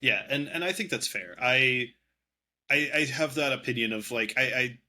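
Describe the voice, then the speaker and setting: A man's voice: medium pitch, lively intonation, moderate pace, sharp tone, rough recording. A man co-hosting a podcast in casual talk, hesitant and repeating words as he goes. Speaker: podcast co-host.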